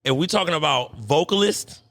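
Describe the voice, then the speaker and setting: A man in his thirties talking casually, joking and swearing in animated banter with friends. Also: on the high side, fairly quick. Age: 30s. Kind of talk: casual chat.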